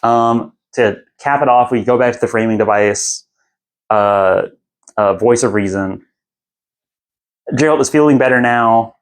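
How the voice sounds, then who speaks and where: A man's voice: mid-range voice, unhurried, pauses often. A young man hosting a podcast, casually retelling a fantasy book in a loose, irreverent, rambling way. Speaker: podcast host.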